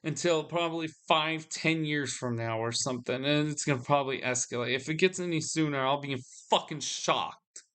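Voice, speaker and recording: Weary man venting in a smooth voice. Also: a little high, a bit bright. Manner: weary, frustrated venting with halting restarts. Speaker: vlogger. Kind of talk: solo video rant.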